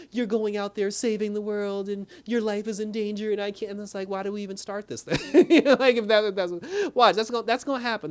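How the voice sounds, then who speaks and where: A man casually recapping a TV episode as a reviewer, rambling loosely and laughing often as he retells scenes. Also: on the high side. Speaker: TV show reviewer.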